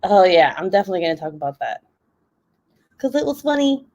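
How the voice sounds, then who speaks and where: A woman's voice: on the low side, very animated, quick pace, darkish tone, dull audio. A woman hosting a casual craft livestream, chatty and laughing often.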